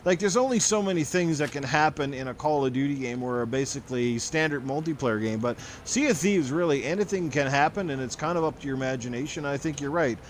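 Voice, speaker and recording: A man's voice: medium pitch, animated, fast talker, hardly any pauses, slight background noise. Rambling male podcast host. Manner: loose and rambling, full of "like" and "you know". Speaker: podcast host reading stream chat. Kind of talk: casual chat.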